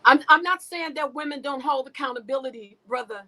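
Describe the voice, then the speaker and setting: Speaking quickly with few pauses, this woman has a high, sharp-toned voice captured on a rough recording. As a guest, she delivers fervent spiritual talk in a preachy, emotional manner, often restarting and repeating her words.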